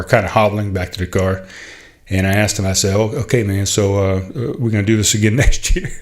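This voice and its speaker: A middle-aged man hosting a podcast, telling a heartfelt story in a halting, casual way, full of fillers and restarts. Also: lowish voice. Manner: heartfelt, proud. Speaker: podcast host.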